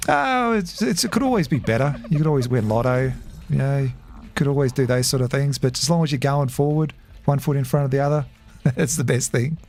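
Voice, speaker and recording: A man chatting casually while streaming a game, rambling and halting, with frequent chuckles. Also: mid-range voice, darkish tone, soft background music. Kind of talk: casual live-stream chat.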